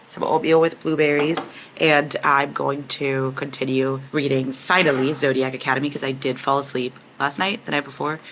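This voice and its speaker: A young woman, chatting casually in a book vlog, animated and gushing, swearing freely. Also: extremely low pitch, moderate pace, hardly any pauses, noisy background. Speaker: book vlogger. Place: home at night.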